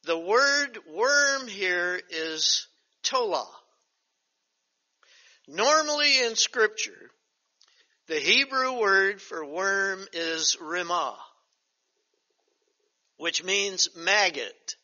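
An older man teaching a Bible study as pastor, reading scripture slowly and emphatically, then breaking into chatty asides. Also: high voice, expressive, sharp tone. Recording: dull lo-fi recording.

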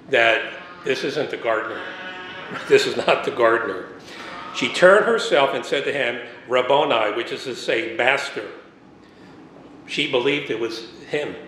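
Male preacher, middle pitch, reads verses then explains them with many fillers; roomy sound, faint noise behind. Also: measured pace, a bit bright. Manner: reads verses aloud, breaks off to explain, frequent "uh" and "um". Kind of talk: sermon with scripture reading. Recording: echoey room, faint background noise.

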